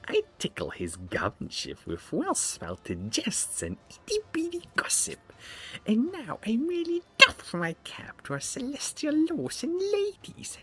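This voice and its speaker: Sneering jester, shrill whisper, very high and slow. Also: male voice, exaggerated voice.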